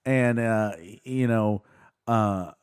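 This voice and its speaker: A man's voice: lowish voice, steady tone, extremely slow, clear, resonant tone. A man co-hosting a casual podcast, retelling scenes with many fillers and laughs. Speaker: podcast co-host recapping a show. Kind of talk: casual chat.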